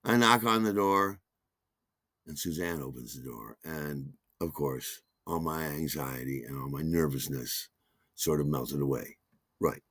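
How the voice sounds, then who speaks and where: A man's voice: a bass voice, a little slow, a bit bright, no room sound, studio quality. A man hosting a podcast, telling a rambling, self-deprecating personal story full of asides. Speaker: podcast host.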